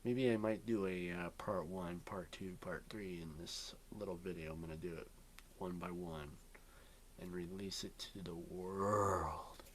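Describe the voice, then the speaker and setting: A man's voice: low-pitched, steady tone, measured pace. Rambling young man in a bedroom vlog. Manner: rambling, drifting, many ums and yawns. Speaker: vlogger. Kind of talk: rambling casual vlog chat. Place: bedroom at home.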